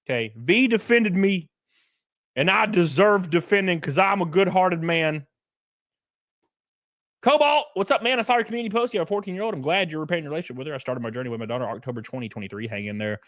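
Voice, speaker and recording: A man's voice: a little high, expressive, fast talker, no room sound, studio quality. Joking man streaming. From Alabama. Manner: loud, joking, reads chat. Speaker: streamer host. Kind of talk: casual livestream commentary. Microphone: headset.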